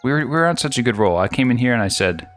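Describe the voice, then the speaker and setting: A man hosting a game video, chatting casually and thinking out loud in a rambling, jokey way. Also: mid-range voice, lively intonation, rapid-fire, faint music behind. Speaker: gaming video host.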